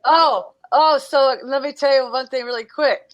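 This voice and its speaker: Middle-aged woman guest, animated storyteller, laughs a lot, casual podcast chat. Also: high voice, normal speed.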